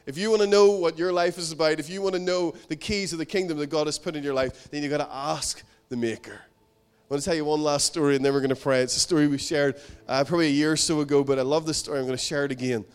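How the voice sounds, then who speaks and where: Male pastor, high-pitched, earnest conversational sermon with repetition. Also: steady tone, fast talker, clear, resonant tone. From outside America. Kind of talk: sermon with storytelling.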